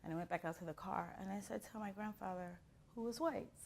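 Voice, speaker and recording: Speaking fast in a creaky, medium-pitched voice over slight background noise, a middle-aged Miami woman teaches acting. Her class talk is animated, and she expressively performs the people in her stories and their quotes.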